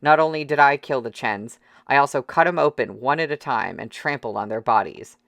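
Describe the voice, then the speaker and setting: A man's voice: medium pitch, fairly quick, gravelly, a bit bright, no echo. A reader voicing a bound, condemned man who roars in desperate rage, in an audiobook. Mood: raging. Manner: roaring, teeth gnashing.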